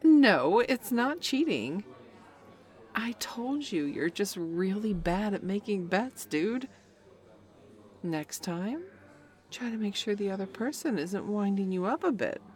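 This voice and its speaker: A woman's voice: medium pitch, expressive, slow, a little mellow. A young woman voicing a cocky, taunting female best friend in an audio role-play, talking in a smug, playful way.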